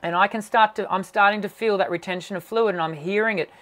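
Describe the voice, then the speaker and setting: A man's voice: high voice, quick pace, a bit bright. Man with a strained, recovering voice. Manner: explanatory, full of fillers and restarts. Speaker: voice teacher. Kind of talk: live online Q&A.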